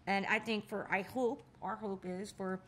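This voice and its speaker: A woman in an oral history interview, telling stories in a lively way and jumping high when she acts out what people said. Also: unhurried, slight background noise. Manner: animated storyteller, acts out quotes with sudden high exclamations. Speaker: interviewee, bar co-owner and nonprofit founder. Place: in a bar.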